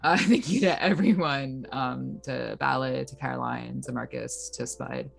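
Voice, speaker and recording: A woman's voice: extremely low pitch, steady tone, a little slow, gravelly. A woman in her twenties, tired and chatty, saying goodbye to viewers with lots of "like" fillers. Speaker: player. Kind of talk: casual goodbye on a stream. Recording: faint music behind.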